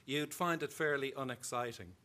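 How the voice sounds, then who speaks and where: A man's voice: medium pitch, moderate pace, sharp tone, close to an everyday voice. Irish man reading a diffident male bank clerk. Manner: hesitant, polite.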